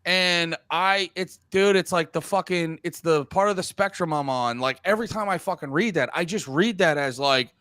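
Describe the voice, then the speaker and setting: This thirty-something co-host rambles animatedly through a casual podcast chat, cursing a lot and stumbling whenever he restarts a sentence. He speaks on the high side at normal speed with hardly any pauses, in a clean tone. No room sound comes through.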